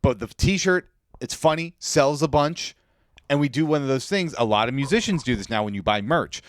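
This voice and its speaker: A man co-hosting a comedy podcast, excitedly pitching absurd schemes in casual, crude banter into a podcast mic. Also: moderate pace. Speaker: podcast co-host. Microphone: podcast microphone.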